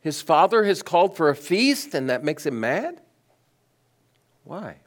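A man preaching a sermon, asking rhetorical questions and letting his voice swing between high emphasis and low, quiet stress. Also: big pitch swings, a little slow. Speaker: pastor.

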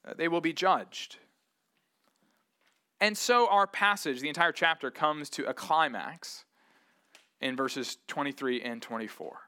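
Man, pastor, sermon; bright, slightly high voice, earnest and conversational, rhetorical questions. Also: measured pace, long pauses, clear, resonant tone. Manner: conversational, casual asides.

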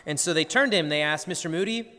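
Earnest pastor preaching in a reverberant church. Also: male voice, fairly high pitch, lively intonation, fast, bright, forceful tone. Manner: earnest storytelling with frequent word repeats. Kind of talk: sermon. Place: church sanctuary.

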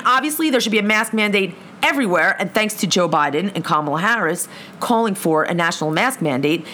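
A woman's voice: medium pitch, a bit bright, slight background noise. A young woman ranting heatedly to camera, swearing constantly as she vents about her morning. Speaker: vlogger. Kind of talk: angry profane rant. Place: lives in a big city apartment.

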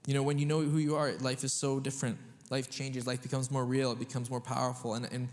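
A man's voice: medium pitch, level tone, fast talker, darkish tone. A man preaching a sermon as a pastor, conversational and emphatic, often checking in with his listeners. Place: church sanctuary. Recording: long reverb of a church hall.

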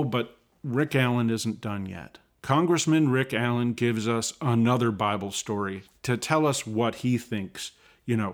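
Male podcast host, mid-pitched voice, sarcastic running commentary, mocks others with exaggerated voices.

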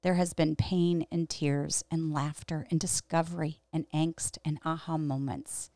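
A woman's voice: deep voice, steady tone, a little slow, dark tone, dry recording. A middle-aged woman who hosts a show and teaches the Bible, telling a personal story in a reflective, earnest and candid way. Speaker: podcast host and Bible teacher.

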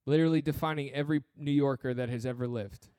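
A man's voice: medium pitch, fairly even intonation, fast talker, a little mellow, clear, resonant tone, no echo. A man preaching a sermon as pastor, earnest and blunt, with touches of humor and repeated phrases.

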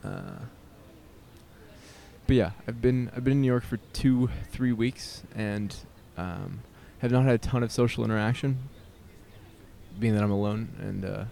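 This is a rambling solo vlog from a young man outdoors in a city park, full of nervous laughter, fillers and self-conscious hesitation. His lowish, mellow voice has a sing-song lilt and some vocal fry, and he takes his time.

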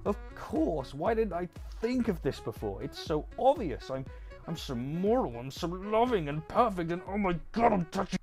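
A man puts on a smug, cruel father figure in a mocking storybook parody, his voice climbing high and loud as he gushes over his own goodness. Faint music plays underneath. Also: sing-song, normal speed. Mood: giddy. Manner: swings from solemn to giddy self-praise. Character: self-righteous grown father, smug and cruel.

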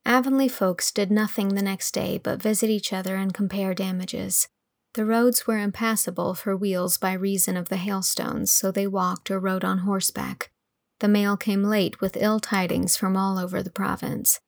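A woman narrating an audiobook in a clear, measured storytelling manner. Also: mid-range voice, steady tone, no echo, studio quality. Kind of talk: scripted narration.

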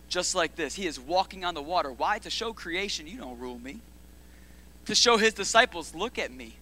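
Pastor guy, high voice, slangy hype sermon, gets loud then quiet. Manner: builds to shouts in repeated phrases, then drops low; slangy, energetic preaching.

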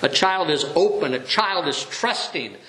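A middle-aged man preaching a sermon, reading scripture aloud and explaining it slowly and earnestly. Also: a little high, expressive, sharp tone. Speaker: pastor. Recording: echoey room.

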